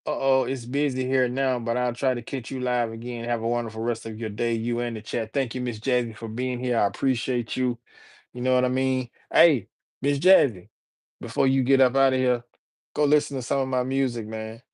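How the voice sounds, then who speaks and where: A man from Alabama, chatting casually on a livestream and shouting out viewers by name. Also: mid-range voice, fairly even intonation, fairly quick, no room sound. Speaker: livestreamer and rapper. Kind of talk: casual live-stream chat.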